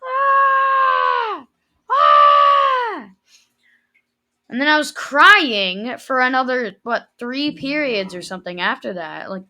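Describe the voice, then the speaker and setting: Bright-voiced teen girl, rambling. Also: mid-range voice. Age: teens. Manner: rambling, filler-heavy, emotional retelling. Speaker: vlogger. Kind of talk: casual storytime vlog.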